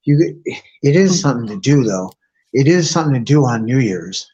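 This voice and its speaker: Husky and mid-range, this man's voice moves at a moderate pace on a recording with the highs cut off. He's running a live stream from home and just outside it, spinning profane, meandering tales as a lively, crude storyteller.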